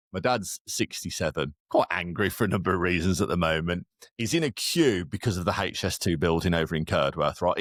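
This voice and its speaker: A man in his forties with a Birmingham accent who hosts a podcast, talking in an energetic, matey way. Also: lowish voice, dry recording, clean studio sound. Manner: energetic and matey, with emphatic rises. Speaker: podcast host. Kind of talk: podcast conversation.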